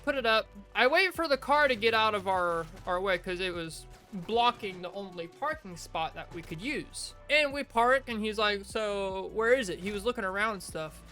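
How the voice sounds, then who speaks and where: A woman's voice: medium pitch, expressive, moderate pace, bright, forceful tone, faint music behind. A woman casually telling rambling work stories while playing a video game, talking into a desk mic. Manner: rambling, chatty anecdotes with restarts. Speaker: gaming video creator. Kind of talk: casual storytelling over gameplay.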